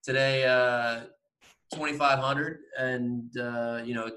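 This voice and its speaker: A man's voice: mid-range voice, fairly even intonation, takes it slowly, pushed and bright, low-quality recording. Upbeat rambling podcast guy. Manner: chatty, upbeat, rambling news rundown. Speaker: podcast co-host. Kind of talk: casual chat.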